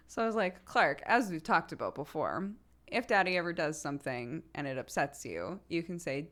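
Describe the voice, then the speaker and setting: Woman, 30s, casual livestream chat, lower-pitched voice, laughs a lot. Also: very animated, moderate pace, a bit bright. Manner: chatty storyteller, laughs often, acts out quotes. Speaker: streamer.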